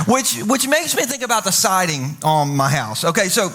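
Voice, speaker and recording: A man's voice: high-pitched, expressive, slow, pauses often, bright, forceful tone, slight background noise. A man preaching as pastor, telling funny stories and acting out the quoted voices with lots of animation. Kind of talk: humorous sermon storytelling. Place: church stage.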